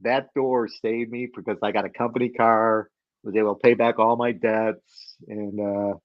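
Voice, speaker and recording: A man's voice: fairly low pitch, flat delivery, moderate pace, no room sound, highs cut off. A man in his fifties, a guest from the Chicago area, telling a personal story with many restarts and laughing at himself.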